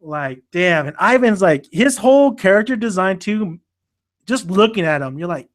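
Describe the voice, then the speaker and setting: Male podcast host, casual anime chat, fairly high voice, animated, profane, mimics characters. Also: normal speed.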